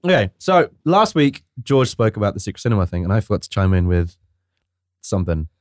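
A young man hosts a casual podcast, bantering with friends and laughing between lines. His pitch swings widely as he talks, recorded dry and close. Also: brisk, no echo. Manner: lively, laughing, swearing banter. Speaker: podcast host.

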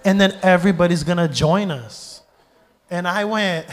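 A young adult man, a pastor, preaching a sermon in an animated storytelling way, asking the congregation questions and acting out voices. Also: high voice, normal speed.

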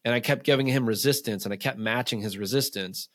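A man, a men's coach, talking in a casual podcast conversation, telling animated stories full of "like" and acted-out quotes. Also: medium pitch, fast, no room sound, studio quality.

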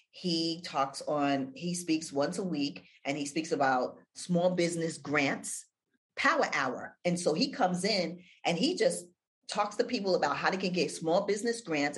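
An older woman talking on a video call as an interview guest, animated, with big swings between loud and near-whispered delivery. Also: deep voice. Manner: animated, wide swings of inflection, drops to near-whisper for effect. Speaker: guest, audio-room moderator.

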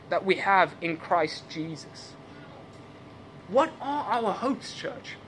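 Over background noise, a high-voiced man preaches slowly and expressively at a church service. English is his second language, and he keeps repeating questions and chuckling at his own asides.

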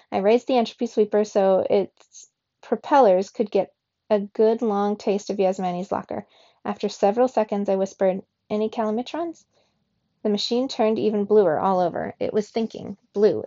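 A woman reading a children's novel aloud in the first person, expressive, giving the characters their own voices. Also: mid-range voice, dry recording. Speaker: reader. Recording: dull lo-fi recording in a dry room.

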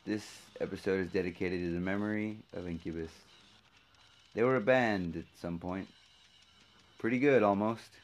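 A man's voice: sits low, normal speed, long pauses, highs cut off. A man hosting his own show in a casual, rambling monologue, swearing freely and joking sarcastically. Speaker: podcast host.

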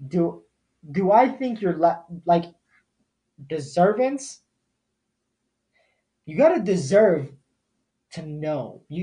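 A man's voice: sits high, a little mellow. Young guy podcaster going off, swearing nonstop, all fired up and blunt. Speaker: podcast host. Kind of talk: motivational podcast rant.

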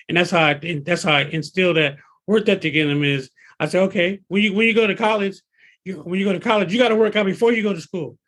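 Fired-up trainer guy in his 50s, high husky voice, keeps repeating himself. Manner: excitable, emphatic, repeats himself. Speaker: personal trainer. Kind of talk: casual interview talk.

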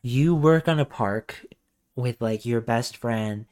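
An excitable young man chatting on a casual podcast, swearing freely. His voice sits at a middle pitch and jumps high whenever he acts out cartoon lines. He talks loosely among friends. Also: slow pace. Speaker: podcast co-host. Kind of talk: casual chat.

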